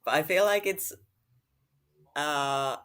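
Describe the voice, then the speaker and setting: A woman's voice: deep voice, takes it slowly, a bit bright, clean tone. A woman guest on a casual book discussion podcast, hesitant and searching for words.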